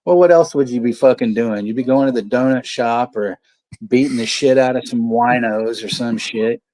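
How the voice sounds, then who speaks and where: A man chatting loosely through a movie watch-along, crude and rambling, with frequent laughs. His mid-pitched voice sits dry and close, with no room around it. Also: normal speed, darkish tone, no room sound. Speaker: podcast co-host. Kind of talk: casual watch-along chat.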